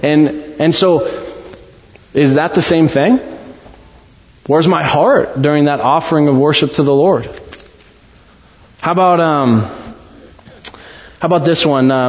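A man preaching a sermon in a church, talking in a conversational, halting way with many restarts. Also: on the high side. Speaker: pastor. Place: church sanctuary. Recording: dull sound in a long-echo hall.

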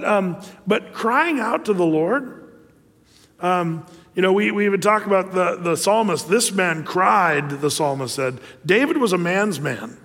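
A man's voice: high-pitched, a bit bright, in a large hall. A middle-aged man preaching a sermon as a pastor, talking in a loose, conversational way with many fillers and asides.

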